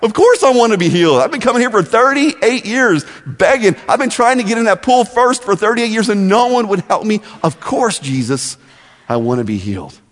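A man's voice: fairly high pitch, sing-song, normal speed, slightly rough, heavily acted. A man voicing an earnest, long-suffering beggar man who pleads in an exasperated way. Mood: pleading. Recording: long echoey hall reverb.

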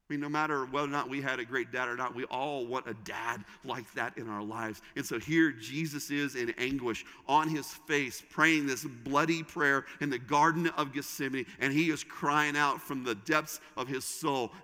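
A middle-aged man preaching a sermon as a pastor, with dramatic pauses and sudden drops to a soft, intimate tone. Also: mid-range voice, fairly even intonation. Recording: reverberant hall.

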